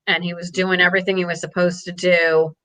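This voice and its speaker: Earnest middle-aged woman, bright voice. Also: fairly low pitch, level tone, fairly quick. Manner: candid, earnest, fillers of "like". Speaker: guest, parent advocate. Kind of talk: emotional personal storytelling.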